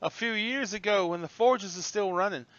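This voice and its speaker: An eager, stammering older bellhop, voiced by a man, rambling on in a raised, bright voice. He fumbles and restarts his words as he talks. The sound is dull and lo-fi. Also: sits high, unhurried, clean tone, no room sound, pitched above the performer's own voice, heavily acted.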